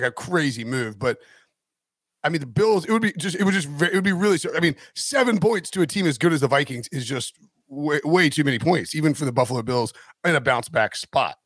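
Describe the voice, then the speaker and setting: A man's voice: medium pitch, fairly bright tone, no room sound, clean studio sound. A man co-hosting a sports betting show, rambling through his points with lots of restarts. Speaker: sports betting podcast co-host. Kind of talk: casual sports chat.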